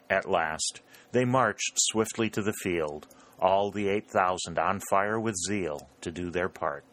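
A man reading a historical war novel aloud in measured, scripted narration. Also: low-pitched, fairly bright tone. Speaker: audiobook narrator.

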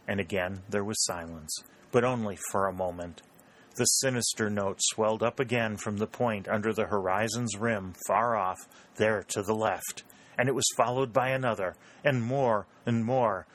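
Low-voiced man narrating a novel. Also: normal speed. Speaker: audiobook narrator. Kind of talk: scripted narration.

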